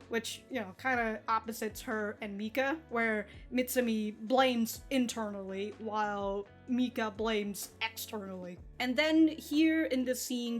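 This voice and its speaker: Laughing, rambling young-sounding woman. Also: fairly high pitch. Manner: rambling, laughs often, swears casually. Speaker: anime reaction channel host. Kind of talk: casual reaction commentary.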